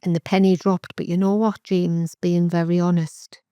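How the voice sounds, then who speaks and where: A middle-aged woman recounts painful family memories as an interview guest, her delivery candid and halting. Her voice sits fairly low for a woman. The sound is close and dry, with no room around it. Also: flat delivery, dark tone, clear, resonant tone, no echo. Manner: candid, halting, with vivid re-enactments of remembered speech. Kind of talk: emotional personal testimony.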